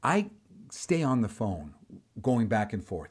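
A man telling a personal story in an animated way, swinging from hushed narration to loud acted-out moments. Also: lowish voice, a little slow, breathy edge. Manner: animated, swings from hushed to shouting while acting out scenes.

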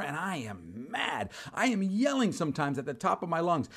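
A man recounts a personal story with a lively, rising and falling pitch. He drops to a hush for the narration and climbs to near shouting when he acts out the scenes. The delivery is animated and conversational. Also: brisk, hardly any pauses. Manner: animated, swings from hushed to shouting while acting out scenes.

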